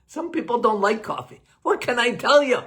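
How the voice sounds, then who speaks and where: A man's voice: extremely high pitch, very animated, moderate pace, fairly bright tone. A man, a doctor, answering health questions in a casual live Q&A, emphatic and folksy, often laughing.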